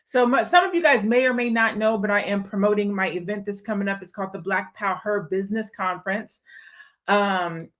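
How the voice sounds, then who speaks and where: A woman's voice: medium pitch, a bit bright. A young adult woman hosting a casual live stream, talking candidly and emphatically to viewers and greeting them by name. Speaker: live stream host and event promoter.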